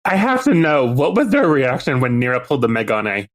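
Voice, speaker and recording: A man's voice: mid-range voice, big pitch swings, brisk. A man playing a tabletop role-playing game, describing his character in a vivid, theatrical way. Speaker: player.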